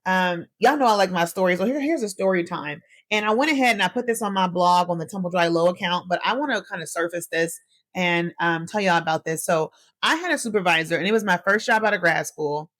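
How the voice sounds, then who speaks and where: A woman's voice: on the low side, fairly quick, no room sound. A young woman hosting a solo podcast, chatting animatedly to her listeners and telling stories from her own life. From US Midwest. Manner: chatty, animated storytelling, addresses listeners as y'all. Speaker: podcast host.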